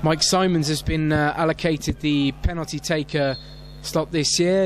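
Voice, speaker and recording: Male club radio commentator with a high voice, lots of hesitations, loud at big chances. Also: steady tone, moderate pace, slight background noise. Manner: reads team sheets with many fillers, rises sharply at big moments. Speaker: football match commentator. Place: outdoor football stadium.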